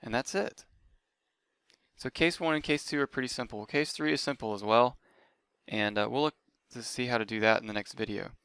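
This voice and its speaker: A man's voice: mid-range voice, moderate pace, a bit bright, smooth, no echo. A man teaching a math lesson, talking methodically through each step aloud. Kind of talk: lecture.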